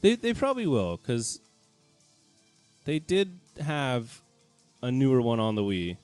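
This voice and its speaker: A man's voice: a little slow, smooth, no echo, soft background music. A young man co-hosting a podcast, chatting casually about video games and laughing often. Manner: chatty, laughs often, jumps up in pitch when excited. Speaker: podcast co-host.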